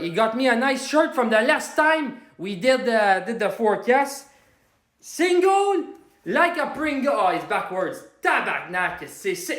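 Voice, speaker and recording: A man playing a brash, excitable Quebecois would-be politician with a Quebec French accent, doing a comedic forecast in profane broken English. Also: high voice, echoey room. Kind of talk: comedic live-stream monologue.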